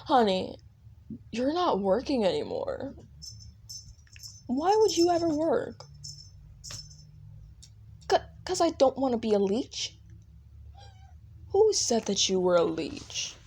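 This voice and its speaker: Woman voicing a male TV demon, possessive, smooth, coaxing, slow-spoken, fan audio drama. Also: fairly high pitch, wildly swooping pitch, a little hiss or hum, heavily acted. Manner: smooth, coaxing, quietly controlling. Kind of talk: fan audio role-play.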